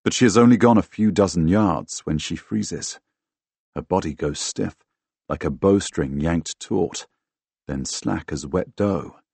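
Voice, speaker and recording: A man narrating a first-person fantasy audiobook in a dramatic, expressive way, recorded close on a studio microphone. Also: low voice, measured pace, gravelly, breathy edge, no echo. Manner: dramatic, expressive, bursts into loud shouts in dialogue.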